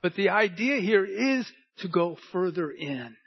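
A man preaching a sermon, dropping to a near hush and then rising to loud emphatic lines. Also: high-pitched, expressive, measured pace, gravelly, few pauses, slightly rough. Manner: preaching with wide swings from hushed to emphatic. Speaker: pastor. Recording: dull lo-fi sound.

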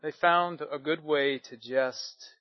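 A male pastor with a somewhat high voice preaches a sermon in an easy, conversational way, often stopping to put rhetorical questions to his listeners. The recording sounds a little dull and lo-fi. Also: steady tone, slow. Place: church service.

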